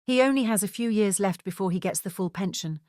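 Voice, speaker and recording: A woman's voice: mid-range voice, brisk, darkish tone, dry recording, close to an everyday voice. A fed-up ex-detective man, read by a woman narrating a storybook, blunt and grumbling. The voice sits dry and close to the mic.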